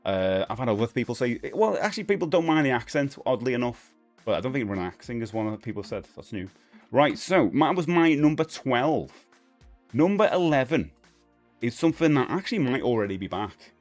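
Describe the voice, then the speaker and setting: A man's voice: medium pitch, big pitch swings, fairly quick, soft background music. A man in his forties with a Cockney London accent, hosting a live stream in a casual, rambling chat with lots of fillers and restarts. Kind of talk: casual chat, reading viewer comments.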